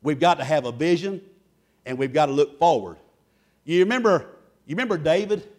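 Loud, boisterous preacher man. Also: on the high side, animated, fairly quick. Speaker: pastor. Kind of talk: sermon.

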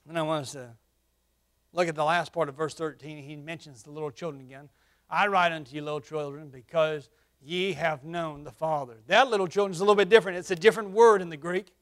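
High, bright-voiced preaching man. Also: steady tone, moderate pace, long pauses. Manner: preaching, swinging from quiet to loud emphatic calls. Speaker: pastor. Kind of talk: sermon. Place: church sanctuary.

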